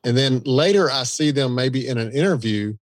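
A man's voice: mid-range voice, expressive, no echo. Man, southern american accent, podcast co-host, agreeable and easygoing, dry close sound. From Southern United States. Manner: easygoing, agreeable, quick to laugh. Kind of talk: casual podcast chat.

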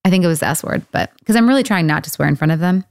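A woman's voice: fairly low pitch, expressive, racing, creaky, darkish tone, no echo. Chatty woman podcast host, dry close sound. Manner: chatty, laughing, rambling. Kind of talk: casual chat and ad read.

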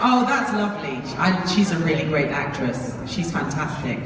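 A woman reacting with excitement to news, exclaiming happily. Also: low-pitched, moderate pace, few pauses, a loud crowd. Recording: distant noisy crowded hall.

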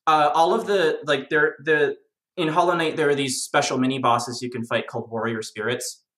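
Rambling enthusiastic podcast guest, bright tone. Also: mid-range voice, steady tone, moderate pace, echoey room. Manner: rambling, enthusiastic, many fillers. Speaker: podcast guest explaining game lore. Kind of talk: casual podcast chat.

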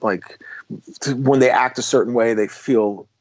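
Middle-aged male ex-cop, guest storyteller, rambling delivery, mid-pitched voice, dry close sound. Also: a little slow, a little mellow, dry recording, rough recording. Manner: rambling, with restarts and self-corrections. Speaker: guest, former police officer. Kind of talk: casual storytelling conversation.

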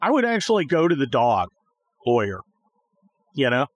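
A man's voice: medium pitch, sing-song, normal speed, no room sound, lo-fi sound. A man hosting a podcast from his car, ranting sarcastically and swearing at traffic. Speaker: podcast host. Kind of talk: casual ranting chat while driving.

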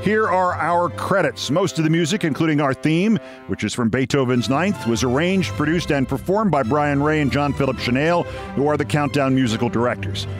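A man hosting a podcast, reading a short story aloud in a theatrical, expressive way. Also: a little high, normal speed, soft background music. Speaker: host.

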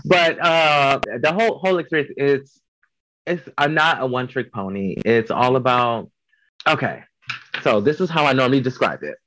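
A man's voice: mid-range voice, lively intonation, moderate pace, a bit bright, a little hiss or hum, poor audio. A man from Chicago, a drag performer chatting as an interview guest, blunt, profane and joking. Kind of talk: casual interview chat.

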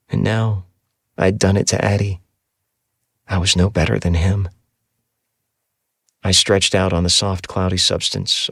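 A man reading a first-person novel aloud in a measured, somber audiobook narration. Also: sits low, gravelly, fairly bright tone, dry recording, studio quality.

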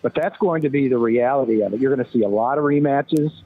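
A man calling in as a guest sportswriter, giving measured analysis built on numbers. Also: mid-range voice, breathy edge. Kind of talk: phone-in analysis. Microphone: phone. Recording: tinny phone line, dry.

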